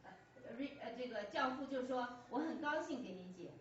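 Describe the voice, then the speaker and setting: A woman interprets a preacher line by line, often pausing with fillers and restarting words. Her voice sits fairly high and comes from far off in a booming church hall. The recording is dull, with a faint steady hum. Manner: hesitant, frequent fillers and restarts. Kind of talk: consecutive sermon interpretation.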